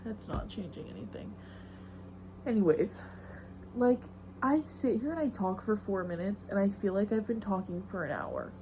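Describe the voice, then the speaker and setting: A woman's voice: medium pitch, lively intonation, moderate pace, mellow, a little hiss or hum, poor audio. A young woman hosting a podcast alone, chatting in a rambling, slangy, self-mocking way into a phone camera. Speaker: podcast host. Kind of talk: casual solo chat.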